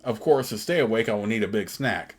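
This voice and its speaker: A man voicing a huge, grumpy, hungry male cave giant as he reads a video game's dialogue aloud, with blunt, gruff complaints. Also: lowish voice, brisk.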